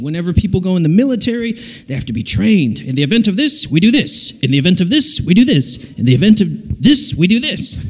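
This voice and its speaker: A man giving a jokey, animated sermon to young people, acting out little voices as he goes. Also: high-pitched. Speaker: preacher. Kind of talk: lively sermon to a youth audience. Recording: long hall reverb.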